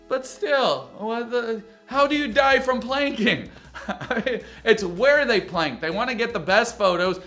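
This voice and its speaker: A man hosting a comedic reality TV recap, talking in an animated, crude, joking way. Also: extremely high pitch, a little slow, faint music behind. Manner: animated, crude jokes, mocking impressions.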